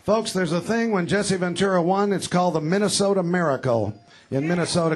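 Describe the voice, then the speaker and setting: A man's voice: high-pitched, animated, a little hiss or hum. Drawling man telling jokes. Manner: dry joke-telling, halting with many fillers. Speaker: candidate for governor speaking at a rally. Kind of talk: stump speech with jokes. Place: campaign rally before a crowd.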